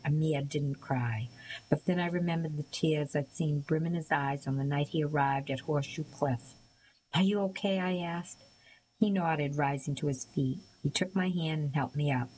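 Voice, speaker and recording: Low female narrator, measured audiobook read, light hiss. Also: low-quality recording. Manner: measured, even storytelling with occasional small slips. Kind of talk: scripted narration.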